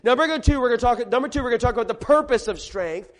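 High-voiced man preaching a lively sermon. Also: rapid-fire. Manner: conversational and animated, asking the audience questions and repeating key points. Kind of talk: evening sermon to a live congregation. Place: room with a gathered audience.

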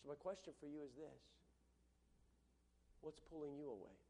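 A middle-aged man preaching a sermon as pastor, emphatic, swinging from loud repeated yeses to hushed warnings. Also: on the high side, moderate pace.

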